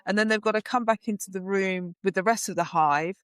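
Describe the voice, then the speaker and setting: Quick, blunt podcast co-host. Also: mid-range voice, fairly bright tone, clear, resonant tone, no room sound, clean studio sound. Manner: quick, blunt, swears casually, says lots of "yeah". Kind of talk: casual chat.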